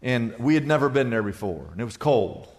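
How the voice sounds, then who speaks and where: A man's voice: medium pitch, expressive, brisk. An older man preaching a sermon as pastor, building emphatic repeated phrases and telling stories in which he acts out both sides of a conversation. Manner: preaching with rising, emphatic repetition.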